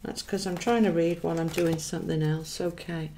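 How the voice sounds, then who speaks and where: A woman's voice: fairly low pitch, fairly even intonation, a little fast, mellow, slight background noise. A woman with a Welsh accent giving a chatty live tarot reading, affectionately calling viewers darling and thinking aloud as she draws cards. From Wales. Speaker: tarot card reader.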